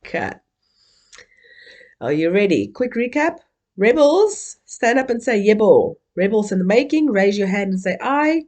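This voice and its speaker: A woman's voice: medium pitch, big pitch swings, moderate pace, darkish tone. A woman from Africa, giving an interactive keynote and playfully coaxing the audience to join in. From South Africa. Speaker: keynote speaker.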